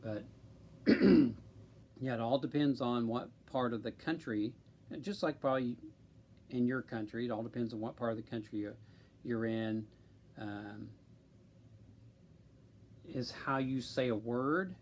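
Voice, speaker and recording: A man from central Illinois, chatting casually on a live stream and speaking slowly and deliberately with many ums. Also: medium pitch, a little mellow, a little hiss or hum. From central Illinois, USA.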